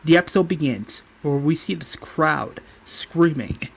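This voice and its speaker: Higher-voiced guy casually recapping. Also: measured pace, few pauses. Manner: run-on narration chaining events with "and then". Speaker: YouTuber recapping a fan series.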